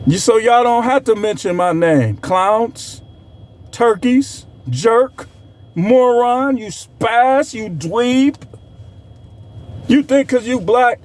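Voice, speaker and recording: A man with a high, light voice ranting in heated commentary. He scolds and mocks, his tone sarcastic and cutting, dropping low when he imitates the people he criticizes. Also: animated, extremely slow, long pauses. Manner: heated, scolding, sarcastic, swings pitch to mock. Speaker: commentary creator.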